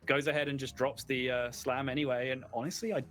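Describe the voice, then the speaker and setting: An esports caster covers a live card game tournament, his medium-pitched, fairly bright voice moving at a fairly quick clip with flat delivery. He breaks down plays at length in an analytical way, leaning on plenty of casual fillers.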